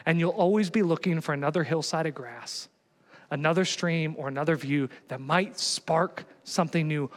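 A man's voice: fairly high pitch, normal speed, long reverb tail. A man preaching a sermon as pastor, telling a story with lots of energy and acting out both sides of the conversation.

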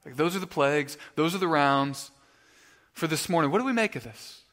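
A man preaching a sermon in a conversational way, often stumbling over and repeating his words, and telling stories with animated energy. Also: on the high side, brisk, in a large hall. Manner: conversational, stammering restarts, animated storytelling. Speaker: pastor. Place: church sanctuary.

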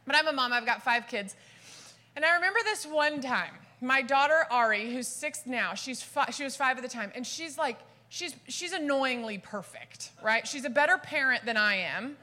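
A woman with a Southern US accent preaching a sermon at a conference, telling personal stories with animated humor. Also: sits high, normal speed. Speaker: conference speaker.

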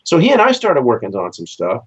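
A lively man from Southern California spins stories as an interview guest, his pitch jumping high whenever he acts out what people said. The audio is dull and lo-fi. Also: brisk, slightly rough. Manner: animated storyteller, acts out quoted voices with big pitch jumps. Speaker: session musician guest. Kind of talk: casual storytelling interview.

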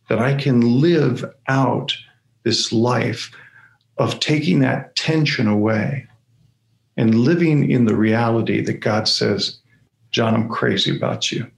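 A man delivers a sermon-style story at an unhurried pace, stumbling and repeating words as he goes. His voice has a gravelly edge to it. The room around him sounds echoey. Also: medium pitch. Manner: halting, repeats words, animated acted-out asides. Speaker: speaker.

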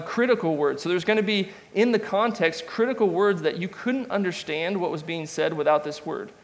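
A man teaching a Bible study class in a conversational way, with restarts and asides. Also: high voice. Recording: long reverb of a large room.

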